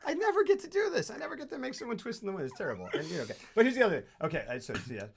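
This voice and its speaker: A man's voice: sits high, very animated, very fast, vocal fry, a little hiss or hum. A man co-hosting a casual film chat, teasing his friend in a playful way and laughing easily. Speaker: co-host.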